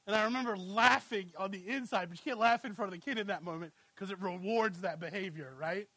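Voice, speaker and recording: A man's voice: sits high, a little fast, dry recording, low-quality recording. A man in his thirties preaching a sermon in a conversational way, telling family stories and often asking "right?". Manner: conversational, asks "right?" often, animated when storytelling. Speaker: pastor.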